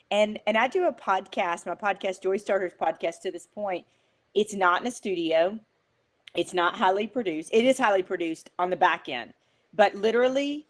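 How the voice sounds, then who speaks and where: A woman guest on an interview show, talking in an emphatic, animated, motivational way with frequent fillers. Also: mid-range voice. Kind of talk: motivational conversational talk.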